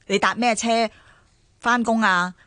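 A woman's voice: on the high side, fairly even intonation, fairly bright tone, no room sound. Woman chatting casually. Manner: halting, many fillers, joking. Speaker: co-host. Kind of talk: casual chat.

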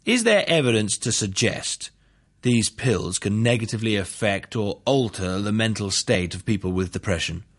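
A composed defense lawyer posing measured, formal questions, as a man puts him on. His voice is slightly raised and has a breathy rasp. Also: lowish voice, lively intonation.

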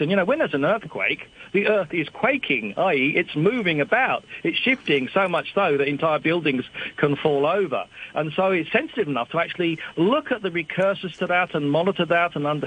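A man's voice: a little high, fairly bright tone, low-quality recording. Older man explaining over an old phone. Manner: explains at length, digressive, self-deprecating. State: slightly hard of hearing. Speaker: expert guest. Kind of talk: radio phone interview.

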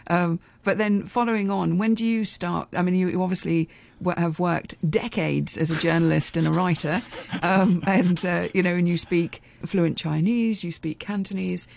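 Interviewer with a gravelly voice. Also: mid-range voice, steady tone, normal speed, few pauses, darkish tone. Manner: supportive, summarizing prompts with fillers. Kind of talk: interview questions.

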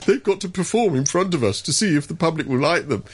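A man's voice: a little high, lively intonation, fast, a little hiss or hum, pitched above the performer's own voice, natural voice. A man mocking a prim fussy bureaucrat. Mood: sniffy. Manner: prissy, mock-accented.

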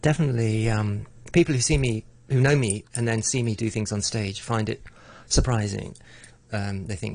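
A middle-aged arts broadcaster is interviewed in a conversational setting, speaking at normal speed in a lowish, gravelly, somewhat dark voice. He talks reflectively, often restarting sentences and stammering over repeated words.

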